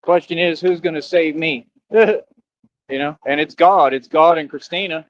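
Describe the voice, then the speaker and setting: A man's voice: a little high, steady tone, normal speed, no room sound. A tired man livestreaming in casual chat, boastful and streetwise, laughing often. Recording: dull lo-fi stream audio.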